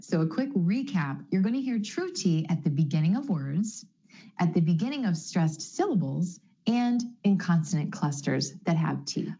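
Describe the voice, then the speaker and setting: Slow, deliberate American accent coach. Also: female voice, lowish voice, warm tone. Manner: clear, deliberate, slows to model sounds. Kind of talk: scripted pronunciation lesson. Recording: dull lo-fi video audio.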